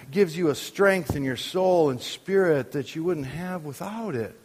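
A man's voice: a little high, lively intonation, a little slow, a little mellow, slightly rough, long reverb tail. An older man preaching as a pastor, conversational and full of questions to the congregation. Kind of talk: sermon. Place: church.

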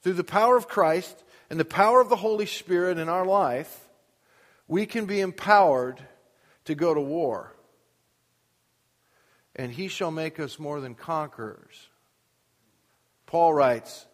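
In a church with a sound booth and long hall reverb, a pastor preaches a sermon, driving his point home with rhetorical questions and rising emphasis. His voice is a little high, and he speaks unhurriedly with long pauses.

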